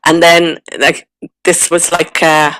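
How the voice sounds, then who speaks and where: A middle-aged Irish woman giving a personal testimony, halting and emotional, with many fillers and restarts. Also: lowish voice, little pitch movement, fairly bright tone, no echo, rough recording. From Ireland. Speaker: guest recounting a spiritual experience.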